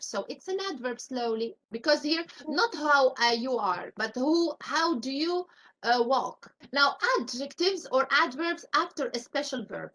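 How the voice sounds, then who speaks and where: A woman with a high voice teaches a live English grammar lesson. She walks through each rule step by step with example after example and keeps asking the class questions. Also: fairly bright tone, rough recording.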